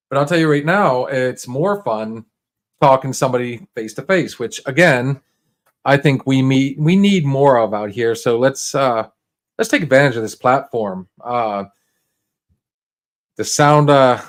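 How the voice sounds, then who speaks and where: Man, livestream host, casual and rambling, mid-pitched, lots of restarts. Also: expressive. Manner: rambling, halting, many restarts and fillers; laid-back and encouraging, talks straight to viewers.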